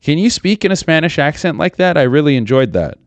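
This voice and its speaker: A man in his thirties hosts a podcast on a studio microphone, his voice a little high, sing-song and slightly quick in a dry recording. He rambles crudely and profanely, full of fillers and restarts.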